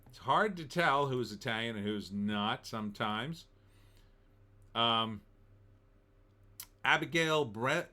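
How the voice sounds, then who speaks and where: A man talks in a casual, opinionated rant, his pitch bouncing around animatedly. His voice is bright and forward, and he keeps a wry, chatty tone as he sizes things up. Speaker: screenwriter and online show host. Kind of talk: casual movie trailer reaction rant.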